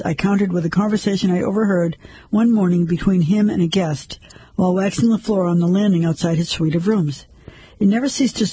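Guy reading a story aloud, husky voice, pretty high, dry sound. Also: warm tone, dry recording, rough recording. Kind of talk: scripted first-person story narration.

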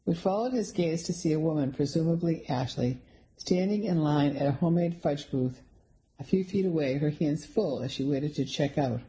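Lady reading a cozy mystery audiobook, low voice, soft warm tone, wry and even. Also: normal speed, rough recording. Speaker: audiobook narrator. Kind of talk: first-person audiobook narration.

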